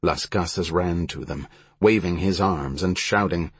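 Deep husky male narrator. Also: measured pace, no echo. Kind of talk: scripted audiobook narration.

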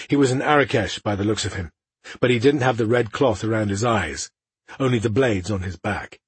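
A man with a husky voice reading a fantasy audiobook in steady, measured narration. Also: fairly low pitch, no room sound.

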